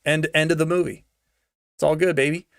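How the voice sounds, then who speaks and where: Speaking fairly quickly in a level tone, a young man with a high-leaning, creaky yet clear and resonant voice rants about a movie, sarcastic and slangy, repeating himself to stress his points. The studio sound is clean, with no room noise.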